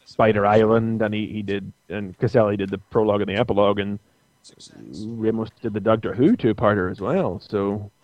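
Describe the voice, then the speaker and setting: A man's voice: on the low side, fairly even intonation, dry recording, muffled recording. A man co-hosting a casual podcast, talkative and opinionated about what he reviews. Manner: talkative, opinionated, quick asides. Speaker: podcast co-host, comics reviewer.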